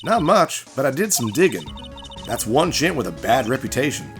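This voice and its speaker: A brash young country woman with a twang, as a man puts her on, loud and plainspoken, her voice bouncing through a wide range. She talks straight and rough around the edges. Faint music runs behind. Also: mid-range voice, very animated, normal speed, natural voice. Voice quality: folksy, plainspoken. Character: blunt young country woman, nosy photographer.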